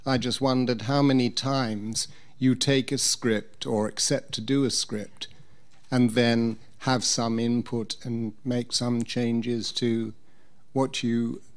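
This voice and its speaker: Slow, hesitant man asking a question. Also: mid-range voice, little pitch movement. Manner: slow, hesitant, searching for words. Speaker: audience member asking a question.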